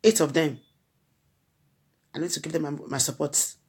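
A woman's voice: low voice, moderate pace, a little mellow, slightly rough. A grieving woman with a Nigerian accent gives an earnest spoken tribute. She repeats her phrases with a preacher-like cadence. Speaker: blogger addressing her followers.

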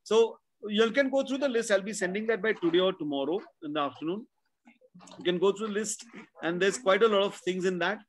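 Teaching pronunciation online, a man with an Indian English accent works as a spelling bee tutor, explaining and drilling words by repetition. His high voice is animated and a little fast, and he frequently asks "right?" after each point.

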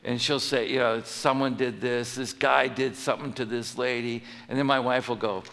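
A man's voice: medium pitch, little pitch movement, normal speed, gravelly, hardly any pauses, fairly bright tone. A male pastor delivering a conversational sermon in a church, telling the story and asking his listeners questions. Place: church sanctuary. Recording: long hall reverb.

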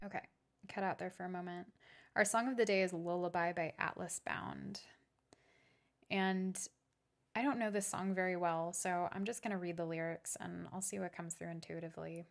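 A woman's voice: on the low side, fairly even intonation, normal speed, creaky. A woman hosting a solo podcast, talking in an earnest, reflective way with fillers and the odd curse word. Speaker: podcast host.

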